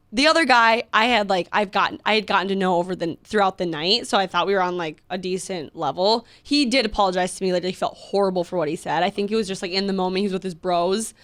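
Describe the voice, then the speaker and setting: A woman in her twenties co-hosting a casual podcast, telling a story with animated energy, lots of "like" and quick restarts. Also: mid-range voice. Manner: animated storytelling, heavy use of "like", frequent restarts and laughs. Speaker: podcast co-host.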